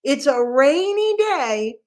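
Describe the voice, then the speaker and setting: A middle-aged woman from New York City giving an animated business talk to her sales group, full of rhetorical questions. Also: high-pitched, slow.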